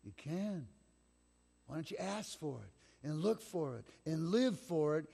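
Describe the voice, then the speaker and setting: A middle-aged pastor delivers a sermon in an unhurried voice on the high side, dark in tone with vocal fry, a breathy edge, and lively intonation. He tells stories casually and acts out those he quotes, all echoing with long reverb in the church sanctuary.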